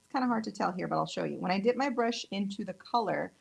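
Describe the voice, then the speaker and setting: Speaking quickly with vocal fry and a breathy edge, this medium-pitched woman in her thirties runs a casual nail tutorial demo as an instructor. She's a chatty, upbeat Californian who raves about the colors, captured on a low-quality recording.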